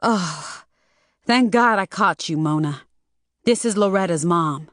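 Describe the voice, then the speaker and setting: Woman voicing a sharp, urgent mother. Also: fairly low pitch, expressive, takes it slowly, no room sound, clean studio sound. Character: worried, determined mother confronting a girl.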